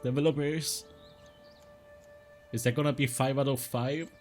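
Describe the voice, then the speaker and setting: Laughing, slow-talking man narrating a game. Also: mid-range voice, steady tone, faint music behind. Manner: chatty, laughs often. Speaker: gaming streamer. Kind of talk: let's play commentary.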